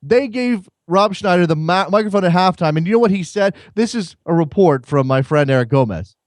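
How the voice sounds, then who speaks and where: Male call-in host, wry and rambling, slightly high voice, dry studio sound. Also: lively intonation, brisk, no echo. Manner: wry and rambling, often repeats words. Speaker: host of a soccer call-in show. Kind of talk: casual chat.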